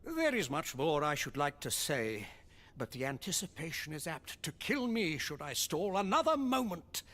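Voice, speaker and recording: A pompous high-voiced art patron. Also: male voice, very animated, moderate pace, pushed and bright. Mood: grandiose. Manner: grandiloquent, archaic phrasing. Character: pompous aristocratic male art patron, theatrical and easily offended. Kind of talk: video game voice acting.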